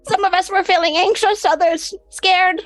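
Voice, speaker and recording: A woman playing a brisk old-timey news announcer, reading a game recap in a mock-formal newsreader style with dry asides. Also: very high-pitched, fairly even intonation, dry recording, soft background music. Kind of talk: comic recap in character.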